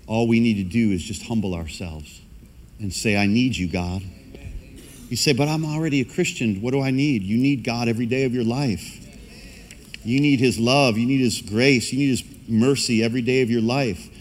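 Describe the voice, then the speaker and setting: A man's voice: mid-range voice, moderate pace. Guy pastor preaching, big church echo, acts out the voices in his stories. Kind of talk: sermon. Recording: long hall reverb.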